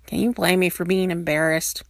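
A woman reading aloud and voicing a gruff, awkward young werewolf man who grumbles reluctantly. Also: lowish voice, fairly even intonation, normal speed, no room sound. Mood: gruff grumbling.

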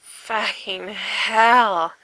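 A man's voice: high voice, slow pace, no room sound, heavily acted, poor audio. Woman doing an eager, swearing young man. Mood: hushed. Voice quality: hushed and swearing, breaks off mid-sentence.

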